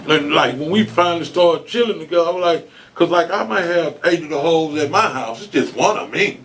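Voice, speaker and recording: Fairly quick and a little high-pitched, a man tells a lengthy story as a guest on an interview. He's an animated storyteller who curses without restraint and acts out what people said.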